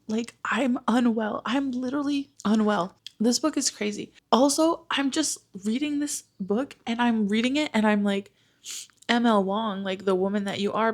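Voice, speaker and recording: A woman's voice: mid-range voice, gravelly. A young woman vlogging about a book she is reading, talking in an emotional, exasperated way with many fillers, close to tears. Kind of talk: casual talking-head vlog update.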